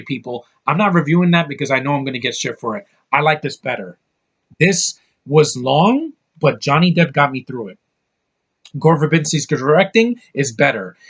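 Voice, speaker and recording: A man's voice: a little high, a bit bright. Blunt, rambling male movie reviewer. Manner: blunt, rambling, profane, many restarts. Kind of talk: casual spoken review.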